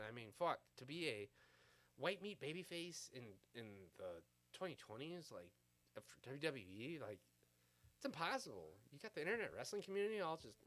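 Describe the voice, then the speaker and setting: A man's voice: sits high, sharp tone. Rambling, profane man in his thirties. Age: 30s. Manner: profane, rambling, full of fillers. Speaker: vlogger. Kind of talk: casual rant to camera.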